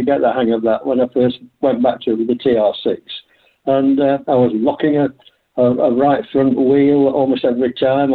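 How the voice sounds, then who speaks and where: Older man on a tinny phone line. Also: medium pitch. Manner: chatty anecdotal storytelling with frequent laughs. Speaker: guest, veteran hill climb driver. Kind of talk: conversational interview.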